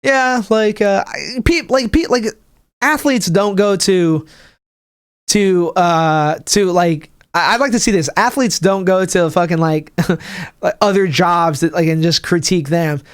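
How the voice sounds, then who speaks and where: A young man hosting his own podcast as a stand-up comic, rambling and swearing, with lots of restarts and "like", acting out other people's lines in a higher voice. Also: unhurried, clear, resonant tone, dry recording, studio quality. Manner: acts out people's quotes in a higher voice. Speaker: podcast host. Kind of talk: casual solo podcast rant. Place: home room, livestreaming.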